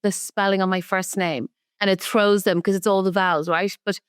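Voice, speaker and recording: An Irish woman guest tells animated stories, laughing often, in a smooth, resonant voice. The sound is close and dry. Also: mid-range voice, normal speed, no room sound. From Ireland. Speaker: podcast guest, activist. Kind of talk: casual conversational interview.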